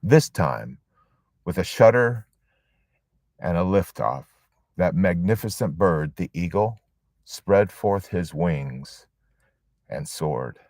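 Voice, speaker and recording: Support group leader, male, very low voice, dramatic pauses, dry sound. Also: animated, a little mellow, no room sound. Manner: dramatic pauses, emphatic storytelling. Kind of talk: storytelling sermon.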